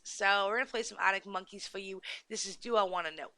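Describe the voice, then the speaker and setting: A woman's voice: medium pitch, fairly even intonation, brisk, bright, forceful tone, no echo. A woman hosting a live internet radio show in a put-on English accent, telling personal stories in a rambling, confiding way. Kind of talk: casual live radio talk.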